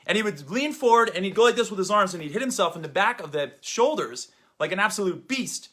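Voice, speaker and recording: A man hosting a fitness show, leading an exercise demo and then chatting in an energetic, jokey, rambling way, a little out of breath. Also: high-pitched, fast talker. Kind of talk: exercise demo and casual podcast chat.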